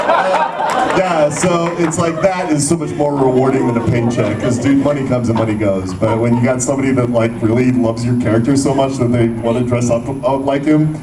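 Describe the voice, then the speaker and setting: A male voice actor answering fan questions at a convention panel, telling animated stories and laughing as he goes. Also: mid-range voice, brisk. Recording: echoey convention hall from far off, crowd noise.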